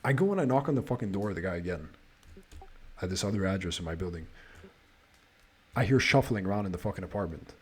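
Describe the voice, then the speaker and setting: A man's voice: low voice, lively intonation, quick pace, long pauses, darkish tone, breathy edge. A man hosting a podcast, telling a casual story, swearing nonstop and sounding exasperated as he restarts his sentences. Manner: profane, swears constantly. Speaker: podcast host.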